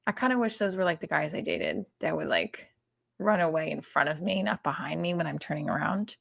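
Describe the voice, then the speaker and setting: A woman in her thirties doing casual, profane stand-up on a livestream, rambling with many fillers and often talking quietly. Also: sits low, sing-song, brisk, vocal fry. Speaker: stand-up comedian.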